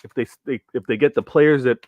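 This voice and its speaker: A man co-hosting a casual football podcast, measured and hesitant, thinking things through aloud with fillers. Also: mid-range voice, steady tone, dry recording, phone-quality sound. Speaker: co-host, not a United fan.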